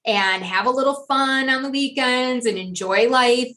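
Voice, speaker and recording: Animated, high-voiced woman from New Jersey. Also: a little slow. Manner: animated, acts out quoted voices. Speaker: podcast guest. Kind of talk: casual conversation.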